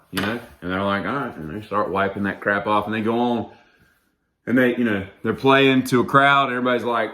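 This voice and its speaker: A man's voice: medium pitch, lively intonation, brisk, sharp tone. Sarcastic man ranting. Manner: sarcastic, mocking, drawling asides. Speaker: vlogger ranting about music. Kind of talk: casual opinionated rant.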